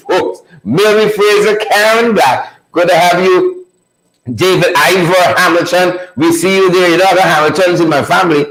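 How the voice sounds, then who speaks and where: A man's voice: high voice, fairly bright tone, roomy sound, rough recording. A man with a Guyanese accent hosting a live stream, greeting viewers by name in a playful way and laughing often. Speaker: livestream host.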